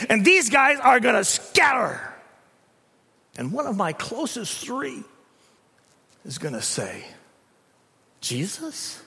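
A man's voice: very high voice, gravelly, sharp tone, voice pushed up, heavily acted. A man voicing an anguished man at prayer, pleading and exasperated with the followers he prays about. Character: anguished man praying, weary of his followers. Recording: long reverb of a hall.

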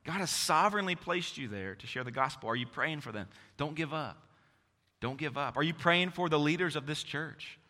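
A man's voice: a little high, expressive, brisk, few pauses, bright, forceful tone, big-room sound. A man preaching a sermon as pastor, earnest and exhorting, often restarting his phrases.

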